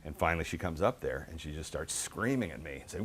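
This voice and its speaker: Middle-aged man, author book talk, low pitch, animated casual storytelling, fillers. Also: quick pace, slight background noise.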